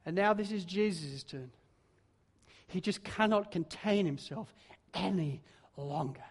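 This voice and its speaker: High-voiced man preaching in a reverberant hall. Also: unhurried, husky. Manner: dramatic preaching that swells in force, then drops low and soft. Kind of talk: sermon. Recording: long reverb of a large hall.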